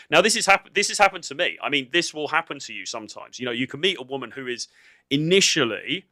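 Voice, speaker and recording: A man with a bright, forceful voice hosts a dating advice channel and reacts to a clip. He talks like a coach, relaxed and filler-heavy, and the sound is dry and close. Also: medium pitch, a little fast, dry recording. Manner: conversational and coaching, many "you know" fillers.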